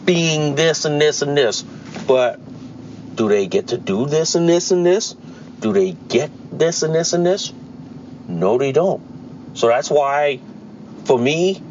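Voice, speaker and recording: A man in his forties hosts a solo opinion podcast, ranting bluntly, repeating points emphatically and swearing now and then. His voice is a little high, and the recording is muffled with a little hiss or hum.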